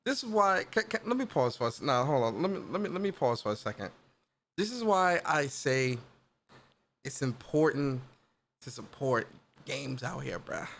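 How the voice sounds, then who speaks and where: A man with a notably high-pitched voice talks through a game reveal in loose, slangy commentary. He gets excited and circles back on his own phrases again and again, like a gaming channel host chatting with viewers. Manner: slangy, excited, repeats himself. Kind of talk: casual reaction commentary.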